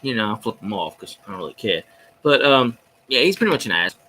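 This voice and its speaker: A man's voice: fairly low pitch, expressive, quick pace, bright, forceful tone, a little hiss or hum. A man chatting casually on a livestream, ranting about football in a rowdy, profane, jokey way. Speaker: sports fan streamer. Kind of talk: casual rambling livestream chat.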